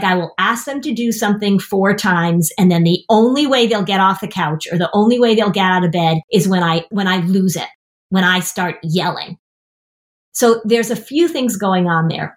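Brief: woman in her fifties, therapist host, plain explanatory podcast talk. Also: medium pitch. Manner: explanatory, acts out parents and kids in lively voices. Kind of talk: casual podcast chat.

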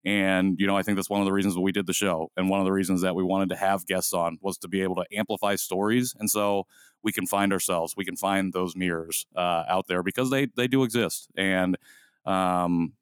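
Man, co-host, deep voice, earnest, measured, dry sound. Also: steady tone, smooth, no room sound. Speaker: podcast co-host. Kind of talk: casual podcast talk.

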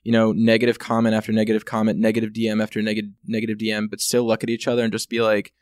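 A man's voice: fairly low pitch, monotone, racing, darkish tone, dry recording, studio quality. A man talking in casual podcast chat as a guest, heartfelt and rambling with many fillers.

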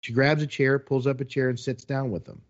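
A man telling a long story in a casual, animated way, quoting people as he goes. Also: medium pitch, fairly quick, lo-fi sound.

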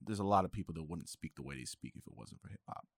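A man hosting a podcast in casual chat, halting and full of fillers, often restarting his sentences. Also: deep voice, sing-song, vocal fry, no echo, studio quality. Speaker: podcast host.

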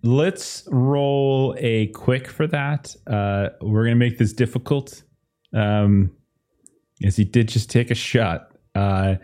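A man's voice: medium pitch, slow, dark tone. A man narrating as game master of a tabletop game, casual, with many fillers and restarts.

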